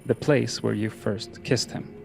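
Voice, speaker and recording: A man narrating horror fiction in a slow, measured, solemn delivery. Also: lowish voice, fairly even intonation, gravelly, over music.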